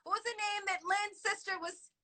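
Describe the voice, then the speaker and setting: A woman's voice: extremely high pitch, steady tone, normal speed, bright, forceful tone, slight background noise. A woman, an actress guest, chatting playfully over a live video call, laughing often and slipping into quoted voices. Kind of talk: casual video chat interview. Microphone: phone or laptop on a live video call.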